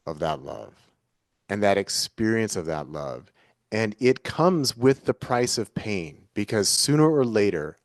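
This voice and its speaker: A man with a somewhat low voice, answering as an interview guest in a reflective, conversational way. He talks earnestly and keeps circling back to restate each idea in new words. The sound is dry and close, with hardly any room echo.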